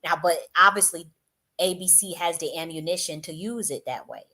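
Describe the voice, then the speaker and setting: A woman's voice: lowish voice, steady tone, moderate pace, pushed and bright. An American woman giving casual political commentary on her channel, blunt and profane, with many restarts and fillers. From United States. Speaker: YouTube commentator.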